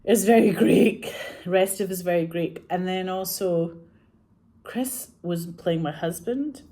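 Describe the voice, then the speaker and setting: A woman's voice: on the low side, slow pace, mellow. A woman talking about her acting role in a casual, chatty way, laughing often and using many fillers. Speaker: actor discussing her film. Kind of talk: casual interview talk.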